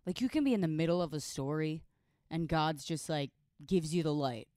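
A woman's voice: low-pitched, animated, moderate pace, dark tone, dry recording. A woman co-hosting a comedy podcast, teasing and mock-indignant in casual chat close to the mic. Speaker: podcast co-host.

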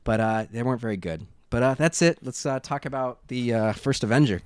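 A man co-hosting a podcast, chatting casually about shows and films in a rambling, animated way with many restarts. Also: mid-range voice, a little fast, clean tone, no echo. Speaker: podcast co-host. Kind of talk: casual movie chat.

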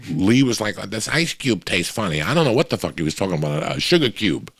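A man's voice: on the low side, big pitch swings, a little fast, gravelly, slightly rough, no room sound. A middle-aged man hosting a podcast, talking bluntly and confessionally with constant swearing and a slight wheeze. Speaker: podcast host. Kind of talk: candid podcast monologue. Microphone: podcast microphone.

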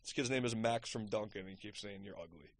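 A man's voice: on the low side, fairly even intonation, fast talker. A man talking as a guest on a podcast, apologizing in a mock-earnest, self-deprecating way. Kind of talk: casual podcast banter.

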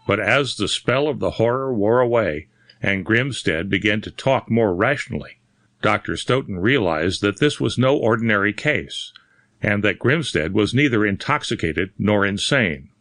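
A man reads a horror story aloud in a steady, measured way. His voice sits on the low side. The recording is dry and close, with no room sound. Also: dry recording. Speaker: narrator. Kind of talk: audiobook reading of a pulp horror story.

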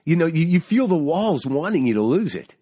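A man's voice: fairly high pitch, big pitch swings, brisk, dark tone, slightly rough, no room sound, clean studio sound. A middle-aged man, a stand-up comedian, telling a story in casual chat, swearing often and restarting his sentences as he gets heated. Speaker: stand-up comedian, podcast guest.

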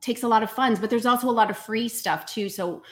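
A woman's voice: a little high, a little fast. A woman in her forties, a guest actor in a casual interview, talking with upbeat emphasis and easy laughs.

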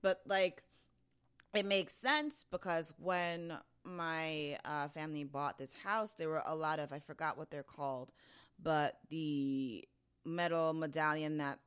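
A woman's voice: low voice, slow, clear, resonant tone. A young woman from Brooklyn, telling stories in casual chat and acting out the people she quotes. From Brooklyn, New York. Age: young adult. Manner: animated storyteller, acts out quoted voices, casual swearing.

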